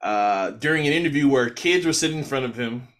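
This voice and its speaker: Speaking fairly quickly in a mid-range voice, this man co-hosts a relaxed podcast conversation, catching listeners up on the news. His delivery is lively and slangy, and he often repeats what others said.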